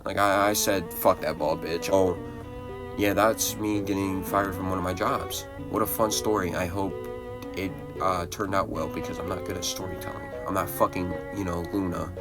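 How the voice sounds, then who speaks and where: A man's voice: low-pitched, little pitch movement, normal speed. A young man telling a rambling, profane story in casual storytime style while gaming. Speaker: gaming video creator. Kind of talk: casual storytime over gameplay. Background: guitar music.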